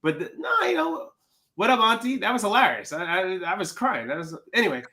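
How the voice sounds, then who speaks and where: Man, podcast co-host, bright tense voice, slightly high, teasing, playful, stammering restarts, casual chat. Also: wildly swooping pitch, brisk.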